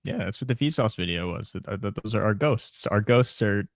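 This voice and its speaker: A man's voice: fairly low pitch, animated, normal speed, gravelly, dry recording. Laid-back young man, dry podcast banter. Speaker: podcast co-host. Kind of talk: casual sports podcast chat.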